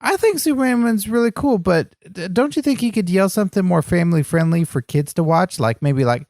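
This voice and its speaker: A man's voice: sits high, expressive, a little fast, hardly any pauses, darkish tone, no echo, studio quality. Naive, sing-song male comedy co-host. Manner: naive and innocently oblivious. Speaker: podcast co-host. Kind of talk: comedy podcast banter.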